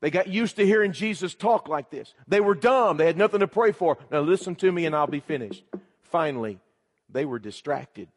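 A man with a high voice delivers a sermon, telling a story line by line and pressing his listeners with direct appeals. His voice rings out with the long reverb of a large hall. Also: expressive, normal speed. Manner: emphatic storytelling, repeating "he said". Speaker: preacher.

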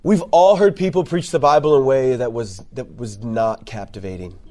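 A man speaking to youth ministry workers at a conference. He talks in an animated, conversational way, keeps checking in with "right?", and makes jokes. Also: medium pitch, normal speed. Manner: jokey, repeats key words for emphasis.

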